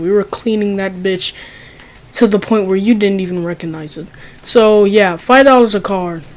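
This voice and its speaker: A woman's voice: mid-range voice, rough recording. A young woman telling a story in a casual, profane way, with lots of ums and likes. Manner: casual, profane, many fillers. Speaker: vlogger.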